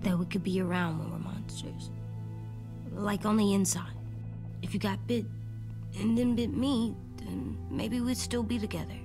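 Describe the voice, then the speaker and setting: A woman voicing a troubled, earnest young boy in a video game, speaking in a hushed, halting, childlike way, with game music behind. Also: mid-range voice, steady tone, vocal fry, close to an everyday voice. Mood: hopeful.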